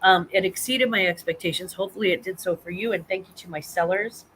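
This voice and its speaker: A woman's voice: fairly low pitch, fast talker, a bit bright, a little hiss or hum, low-quality recording. A woman, hosting a casual live-stream chat, rambling with many ums and restarts. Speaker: host of a live reselling chat show.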